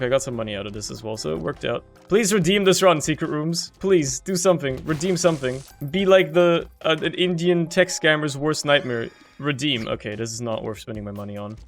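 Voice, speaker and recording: A man giving casual commentary on his own gameplay, swinging between low grumbling and loud frustrated outbursts. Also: creaky.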